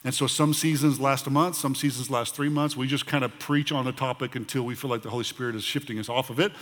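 A man's voice: mid-range voice, fairly even intonation, fast talker, a bit bright. A middle-aged man, a pastor, giving church announcements in a conversational manner, often restarting and filling his sentences. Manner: conversational, with frequent fillers and restarts. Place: large church auditorium. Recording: long hall reverb of a church auditorium.

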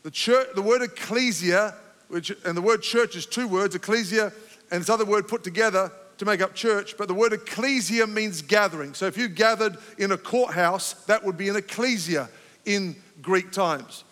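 Fervent high-voiced male pastor preaching. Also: normal speed, big-room sound. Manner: impassioned, rising to fervent emphasis then calming. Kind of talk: sermon. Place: church sanctuary.

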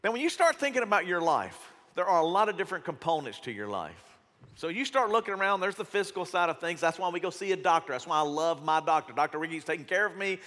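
Lively fifty-something pastor preaching. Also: male voice, a little high, fast talker. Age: 50s. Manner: conversational, acts out quotes, direct. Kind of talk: sermon. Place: church hall. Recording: echoey church hall.

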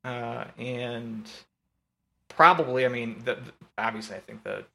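A man co-hosting a sports podcast, talking casually in halting, self-correcting bursts and cracking jokes. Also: mid-range voice, fairly even intonation, gravelly, pushed and bright. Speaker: podcast co-host.

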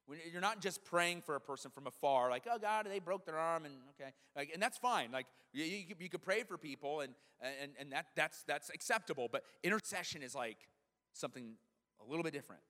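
A pastor in his thirties preaches to his congregation in a loose, conversational way, animated when he tells a story. His voice sits a little high for a man and sounds bright and pressed. It rings with a long reverb through a church sanctuary. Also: fairly quick. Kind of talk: sermon.

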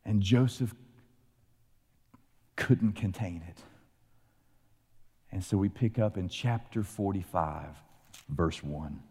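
A man preaching a sermon, retelling a scripture story with lively acted-out voices. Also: low voice, slow, pauses often, breathy edge, in a large hall. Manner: animated storytelling, acting out voices. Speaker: pastor.

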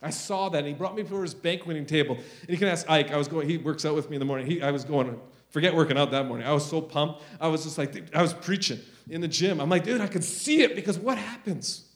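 A middle-aged man preaching a sermon, intense and earnest, moving between quiet confessions and loud declarations. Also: a little high, fast talker. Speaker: pastor.

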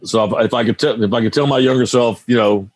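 A man's voice: mid-range voice, fast, darkish tone, dry recording. A man in his sixties, a guitar teacher and radio broadcaster, telling stories in a casual interview, rambling and often restarting his sentences.

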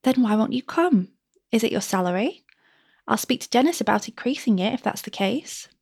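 A woman voicing an eager, chattering young wealthy mistress who pleads and gushes, with a dry, gravelly edge to her voice. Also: a little high, lively intonation, moderate pace, darkish tone, dry recording, exaggerated voice. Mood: pleading. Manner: gushing, pleading, rising.

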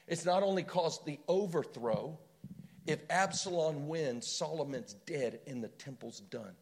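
A man's voice: a little high, animated, measured pace, darkish tone. A man preaching a sermon with impassioned storytelling and rhetorical questions.

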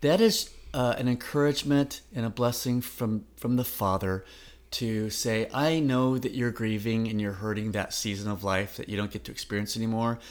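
A man's voice: fairly low pitch, normal speed. A middle-aged man co-hosting a podcast, talking in an earnest, encouraging way. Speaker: podcast co-host. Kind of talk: casual chat.

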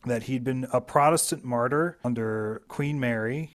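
A man hosting a casual book discussion, animated and prone to ums and restarts. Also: mid-range voice, a little slow, noisy background. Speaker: podcast host.

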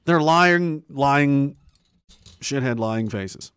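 A man's voice: mid-range voice, drawn-out words, a bit bright, clean tone, no room sound. A young man ranting sarcastically and profanely, reading out chat messages as a streamer, often laughing. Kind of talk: ranting commentary.

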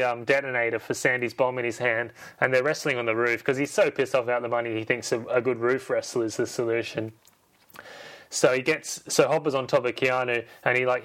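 A man breathlessly recapping an action film, peppering it with swearing. He jumps into quick impressions of the characters as he goes. His voice sits at an ordinary middle pitch. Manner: animated, swears a lot, acts out lines. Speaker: podcast host retelling a film. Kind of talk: excitable casual recap.

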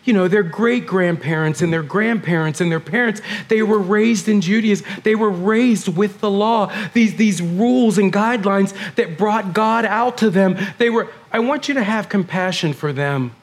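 Casual, talky man teaching scripture with a bright, high-pitched voice. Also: normal speed, few pauses. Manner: chatty, filler-heavy, addresses listeners as "you guys". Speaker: Bible teacher.

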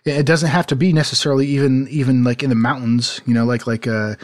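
He speaks quickly in a mid-range, level voice while casually co-hosting a podcast at home in a desert city. Rambling along, he laughs readily and often stops to restart or fill gaps.

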